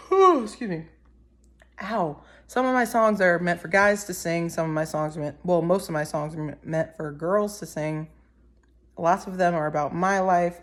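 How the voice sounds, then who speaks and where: A teenage girl and singer-songwriter chatting casually, rambling and often correcting herself mid-sentence. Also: fairly low pitch. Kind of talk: casual chat.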